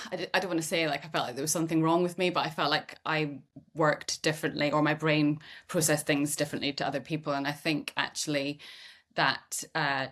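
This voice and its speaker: Speaking in a low voice, a middle-aged woman from Scotland hosts a podcast built on conversation. Her manner is relaxed and reflective, candid and thoughtful, and she pokes fun at herself.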